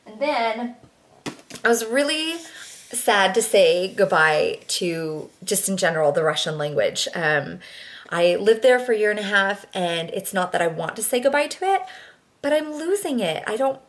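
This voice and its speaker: A woman's voice: medium pitch, very animated, normal speed. A young woman chatting casually to camera, rambling with lots of fillers and restarts. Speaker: vlogger.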